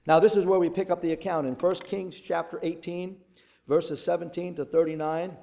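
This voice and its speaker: A man with a high-sitting, creaky, mellow voice preaches a sermon at normal speed in a steady tone. He reads a long scripture passage dramatically, voicing the quoted speakers and adding asides of his own.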